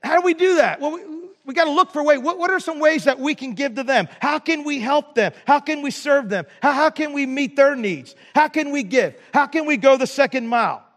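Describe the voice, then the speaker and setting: A man's voice: very high-pitched, brisk, few pauses, fairly bright tone, big-room sound. A man preaching a sermon as pastor, telling stories and asking the congregation questions. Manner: storytelling, asks the congregation questions.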